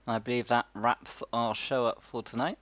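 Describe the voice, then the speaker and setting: A man's voice: mid-range voice, steady tone, normal speed, a bit bright, no room sound. A man co-hosting a casual gaming podcast, speaking hesitantly. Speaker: podcast co-host.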